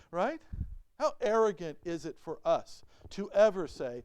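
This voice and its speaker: A man's voice: sits high, sing-song, slow pace, creaky, pauses often, darkish tone, slight background noise. A male pastor preaching a sermon in church. He reads Bible verses and asks the congregation rhetorical questions. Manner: reads Bible verses aloud and explains them.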